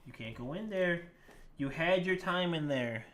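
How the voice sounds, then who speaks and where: A young man streaming live and chatting casually. He jokes at his own expense and talks to his cats and his viewers in a bright, forceful voice pitched a bit above a typical man's. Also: lively intonation, moderate pace. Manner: joking, self-deprecating, talks to cats and chat.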